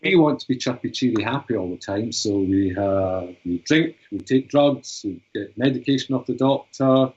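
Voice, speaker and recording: British psychotherapist in his fifties, earnest and explanatory, husky, on a lo-fi line. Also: mid-range voice, lively intonation, moderate pace, hardly any pauses, darkish tone. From Britain. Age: 50s. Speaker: psychotherapist and author. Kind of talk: storytelling and interview talk. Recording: dull lo-fi recording.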